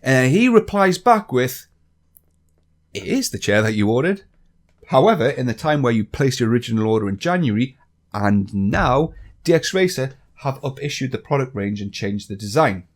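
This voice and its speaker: A man's voice: medium pitch, expressive, moderate pace. An English man on a vlog channel, angrily ranting and swearing with exasperation. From England. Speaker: YouTuber.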